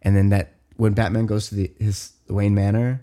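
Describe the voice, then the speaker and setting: A man in his thirties, a podcast co-host telling a long story in casual chat, animated, with lots of "like" and swearing. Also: on the low side, moderate pace.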